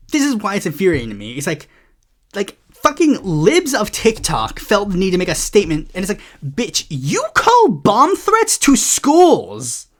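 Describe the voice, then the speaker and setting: A woman hosting a political commentary show, ranting in a heated, profane way and rambling with many restarts. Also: medium pitch. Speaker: host.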